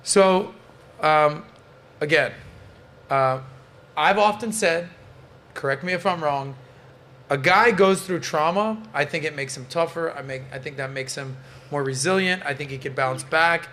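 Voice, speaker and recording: A man's voice: a little high, unhurried, bright, forceful tone. A man hosting a casual podcast panel, blunt and joking, swearing freely. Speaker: podcast host.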